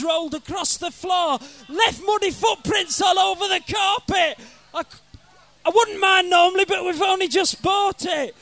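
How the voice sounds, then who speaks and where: A man performing brash comic verse at a live gig, shouting at his listeners. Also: extremely high pitch. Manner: brash, rowdy, bellowing at listeners. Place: live music venue.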